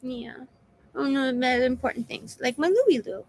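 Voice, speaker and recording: A woman's voice: high voice, lively intonation, moderate pace, darkish tone, a little hiss or hum. Weary, drained woman vlogger. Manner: weary, frank, emotional. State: exhausted. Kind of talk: casual personal video update.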